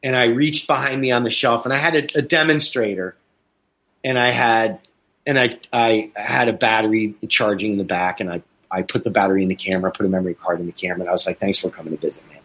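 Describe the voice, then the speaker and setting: Man, casual chat, host, animated storyteller, does voices for others. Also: lowish voice, fast talker. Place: Chicago, USA.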